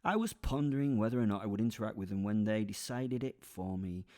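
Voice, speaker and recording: In this clip a man tells a funny first-person story for his podcast, speaking fairly quickly with lively intonation. His slightly low voice has a warm, mellow tone, and he wanders into asides, now and then sinking to a whisper.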